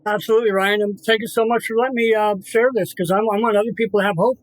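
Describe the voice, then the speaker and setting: A man's voice: high voice, fairly even intonation, very fast, poor audio. A middle-aged man telling an emotional personal story as an interview guest, earnest and repetitive, acting out voices. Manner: earnest, repeats himself, acts out voices in his story.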